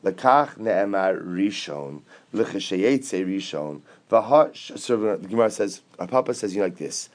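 A man's voice: fairly low pitch, expressive, measured pace, darkish tone. A man teaching a Talmud class, explaining step by step with rhetorical questions and mixing English with Aramaic and Hebrew quotes.

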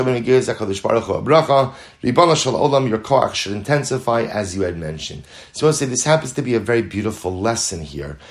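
Man, Talmud class teacher, middle pitch, earnest, repeats phrases, Hebrew and Yiddish terms. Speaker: Torah teacher.

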